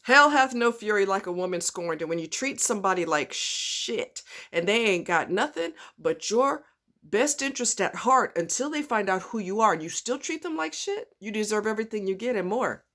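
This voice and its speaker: A woman's voice: medium pitch, animated, moderate pace, fairly bright tone. A woman ranting angrily into her camera, blunt and profane, repeating herself for emphasis. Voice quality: blunt, swearing, repetitive. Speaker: vlogger. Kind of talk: profane angry rant.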